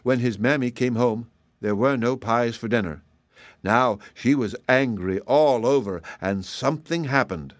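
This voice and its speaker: Man, storybook reading, measured and gentle pacing, middle pitch, dry close sound. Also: dry recording. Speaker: narrator reading a children's story.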